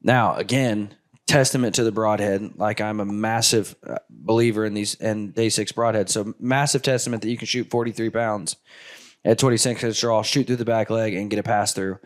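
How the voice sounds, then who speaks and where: A man hosting a hunting show, retelling a hunt in a casual, animated way with lots of filler words. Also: on the low side, moderate pace. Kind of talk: casual storytelling with guests.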